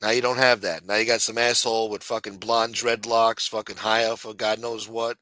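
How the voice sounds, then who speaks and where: Low-voiced guy hosting a late night show, swears a lot, forceful and dry sounding. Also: flat delivery, normal speed, no room sound, poor audio. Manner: blunt, profane and opinionated. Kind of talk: casual talk-show rant.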